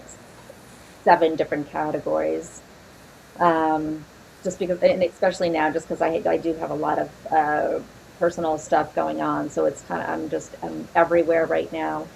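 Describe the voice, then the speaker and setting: A woman's voice: low-pitched, flat delivery, normal speed, creaky, a little mellow, slight background noise, poor audio. A woman guest on a podcast, chatting casually with many restarts and frequent laughter. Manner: laughs often, rambling restarts. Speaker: podcast guest, paranormal investigator. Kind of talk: casual chat.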